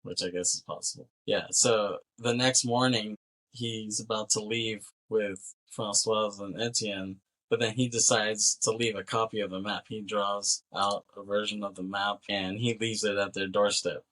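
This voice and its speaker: A man's voice: fairly low pitch, steady tone, moderate pace, a bit bright. A man co-hosting a podcast, casually retelling a film's plot and acting out the characters' lines with laughs and swearing. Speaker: podcast co-host. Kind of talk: casual movie recap chat.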